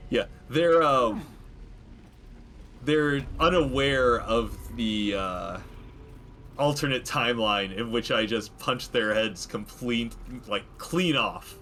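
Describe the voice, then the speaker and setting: A man's voice: mid-range voice, slow pace, long pauses, bright, forceful tone, a little hiss or hum. A man casually commenting while playing a video game, rambling with many fillers and frequent chuckles. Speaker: let's play gamer.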